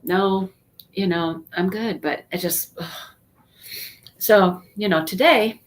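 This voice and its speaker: A woman's voice: mid-range voice, slow. A woman chatting casually to viewers on a live stream, rambling and greeting people by name, while congested from a sinus infection. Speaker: YouTube livestream host.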